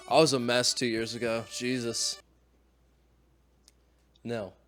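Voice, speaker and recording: A man's voice: medium pitch, little pitch movement, slow, lightly acted. A man playing a goofy self-styled doctor-professor who sarcastically gives advice on cringe social media posts, with faint music behind. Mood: sarcastic. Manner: sarcastic, mock-professional, reads posts aloud. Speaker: comedy YouTuber playing a mock doctor host.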